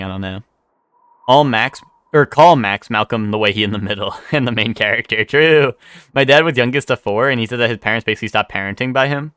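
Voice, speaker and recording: A man's voice: mid-range voice, fairly bright tone, clean tone, dry recording. A man streaming live, chatting casually with chat, rambling with many fillers and restarts and swearing freely.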